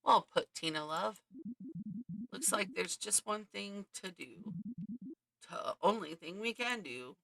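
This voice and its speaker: A young woman streams a game, reading its text aloud and chatting warmly with her viewers. Her voice has a gravelly, creaky texture at mid pitch. It is recorded on a close mic in a dry room with no echo. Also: lively intonation, takes it slowly, long pauses. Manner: chatty, greets chat, effusive.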